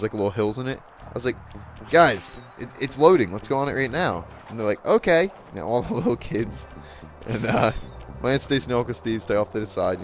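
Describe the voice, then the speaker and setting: A man's voice: fairly low pitch, a little hiss or hum. Rambling young man, casual anecdote. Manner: rambling, chuckling, lots of fillers. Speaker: gaming channel host. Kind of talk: casual storytelling over gameplay.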